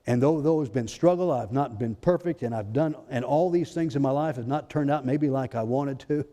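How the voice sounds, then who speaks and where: A male pastor preaching a fervent sermon, swinging between loud exclamations and hushed, intimate lines. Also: medium pitch, moderate pace. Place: church sanctuary. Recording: long hall reverb in a church.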